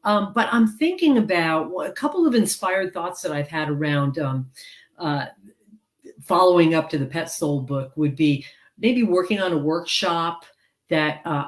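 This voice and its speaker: Earnest woman guest, rambling and heartfelt. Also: low-pitched. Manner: earnest, rambling with many fillers. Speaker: author and counselor, guest. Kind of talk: casual interview chat.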